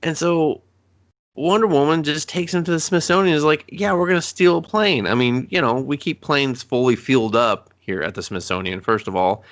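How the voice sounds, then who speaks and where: A man's voice: medium pitch, normal speed, fairly bright tone. A man co-hosting a casual movie review, sarcastic and swearing often as he acts out the characters. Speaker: podcast co-host.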